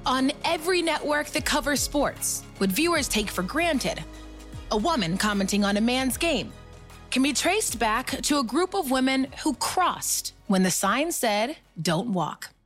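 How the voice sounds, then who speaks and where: A woman's voice: high voice, big pitch swings, fairly bright tone, faint music behind. A woman narrating a documentary in a polished, scripted style. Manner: polished, measured.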